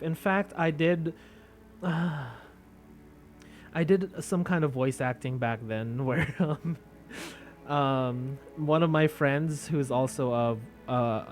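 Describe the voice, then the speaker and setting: Male streamer, casual chat, slightly high voice, unhurried, faint music behind. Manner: rambling, chatty, self-deprecating. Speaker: VTuber streamer.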